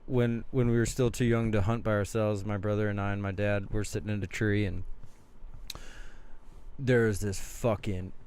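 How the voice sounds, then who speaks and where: A man's voice: lowish voice, fairly even intonation, moderate pace, darkish tone, smooth. A young man co-hosting a casual podcast, telling rambling, profane stories. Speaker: podcast co-host. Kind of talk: casual chat.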